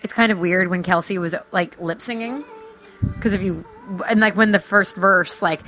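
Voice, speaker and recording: A woman chatting casually as she watches a movie with a friend, sarcastic and quick to joke. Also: on the low side, pushed and bright, faint music behind, poor audio. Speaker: co-host.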